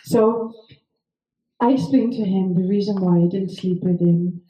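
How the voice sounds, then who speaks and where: Dark-voiced woman telling a crude comic story. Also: medium pitch, steady tone, unhurried. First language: not English. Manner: swears freely, rambling with many fillers. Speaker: author telling a personal story. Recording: echoey room, faint noise.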